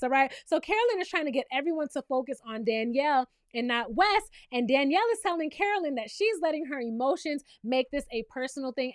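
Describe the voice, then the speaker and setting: Brief: high-pitched woman, sassy TV recap host, exclamatory, dry close recording. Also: dry recording. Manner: sassy and exclamatory, calls people child and baby. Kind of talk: casual TV recap vlog.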